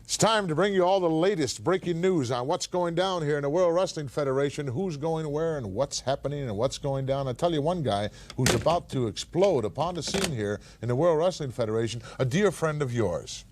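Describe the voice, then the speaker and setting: A man's voice: on the high side, lively intonation, fairly quick, hardly any pauses, a little mellow, no room sound. A man hosting a wrestling show, with enthusiastic announcer patter. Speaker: host.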